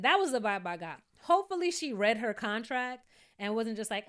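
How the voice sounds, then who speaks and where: A woman's voice: mid-range voice, normal speed, clear, resonant tone. A woman giving a casual, chatty recap and commentary, laughing often and acting out quotes from the show. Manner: chatty, animated, often laughing and quoting people. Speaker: YouTube reviewer.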